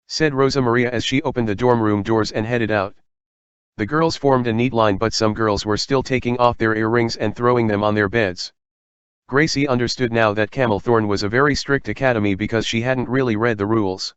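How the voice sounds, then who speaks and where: Man, audiobook narrator; steady even read, dry muffled sound. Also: mid-range voice, a little fast, clean tone, no echo.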